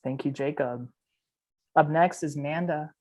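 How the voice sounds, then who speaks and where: A game host introducing contestants one by one in a steady announcing manner. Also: mid-range voice, unhurried.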